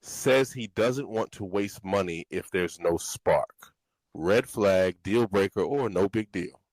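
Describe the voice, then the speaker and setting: Playful guy hosting a podcast, kinda low voice, dry mic. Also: slow pace, a little mellow, no room sound, low-quality recording. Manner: playful, leads the game with set scenarios. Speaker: podcast host. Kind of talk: casual chat.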